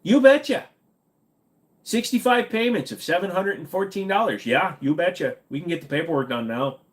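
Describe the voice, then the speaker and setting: A man slips into a pushy Minnesota car salesman, pitched high and chirpy. The Minnesota twang is laid on thick. He sounds folksy and relentlessly upbeat. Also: animated, normal speed. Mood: chipper.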